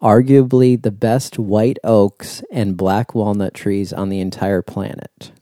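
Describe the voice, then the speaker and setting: A man speaking as a podcast guest with a very deep, mellow, dark voice. He talks in a relaxed, plain-spoken way, recorded dry and close. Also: slow, no room sound. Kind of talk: casual chat.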